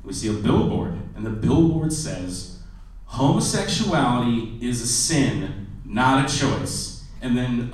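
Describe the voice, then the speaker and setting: A man in his twenties doing a stand-up comedy set, self-deprecating, dropping to a low mutter and then bursting into loud shouted bits. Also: very echoey, recorded from a distance, slight background noise, low-quality recording. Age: 20s. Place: comedy club stage. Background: audience laughter.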